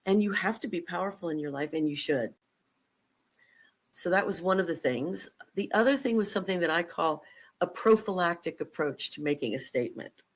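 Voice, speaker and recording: An older woman speaks as a podcast guest, with a voice pitched a little low for a woman. She tells her story in a lively, emphatic way and brings it to life by acting out quoted lines. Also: poor audio. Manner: animated, emphatic, acts out quotes. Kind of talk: conversational storytelling.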